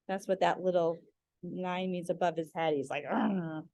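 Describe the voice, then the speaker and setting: A woman's voice: fairly low pitch, steady tone, slow, a little mellow, no room sound. A woman reading picture books aloud to children, chatting to them between pages. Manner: friendly, addressing kids directly. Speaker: storyteller.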